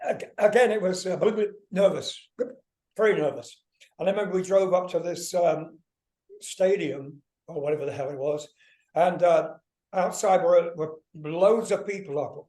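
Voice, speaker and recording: He speaks high-pitched and brisk. The older musician, a guest in a relaxed interview, spins anecdotes with lively energy, cursing often and doing voices for the people in them.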